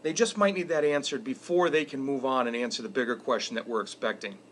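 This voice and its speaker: A man's voice: medium pitch, fast talker, slight background noise. A middle-aged man giving a reflective weekly video message as an educator, speaking earnestly and conversationally. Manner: earnest, conversational, retells stories with quoted dialogue. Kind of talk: reflective monologue to camera.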